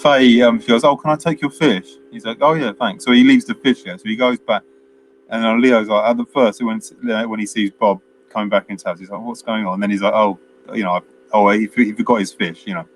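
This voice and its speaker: A man's voice: lowish voice, steady tone, fairly quick, faint music behind. A man, chatting casually as a podcast co-host and retelling film scenes at length with many fillers. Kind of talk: casual film review chat.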